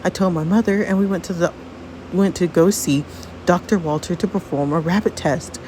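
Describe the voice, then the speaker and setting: A woman voicing a pregnant teenage girl who clings to her boyfriend and pleads in a high voice. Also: steady tone, normal speed, dark tone, slight background noise, natural voice. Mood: defensive.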